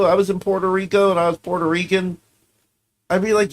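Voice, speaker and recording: A man's voice: sits high, level tone, a little fast. A man streaming casually, reacting to clips with offhand, profane commentary.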